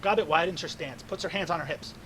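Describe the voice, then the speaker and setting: A man's voice: a little high, fast, a bit bright, slight background noise. A man reading a game's story text aloud as the let's play narrator.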